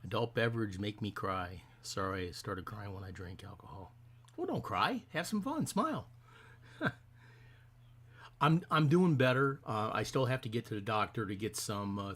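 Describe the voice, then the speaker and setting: A middle-aged man with a somewhat low voice hosts a casual live stream from his desk mic. He rambles in a friendly, easygoing way and greets each viewer by name as they arrive.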